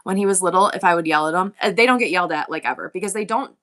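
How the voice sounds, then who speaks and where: Speaking very fast in a lowish, slightly bright voice, this woman in her forties hosts a live-selling stream. Her talk is casual and candid, aimed at viewers as she wanders through her stories.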